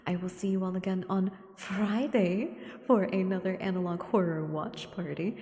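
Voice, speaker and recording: A woman streamer talking gently in a soft ASMR style, often slipping into a whisper. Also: mid-range voice, normal speed. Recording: echoey room with long reverb.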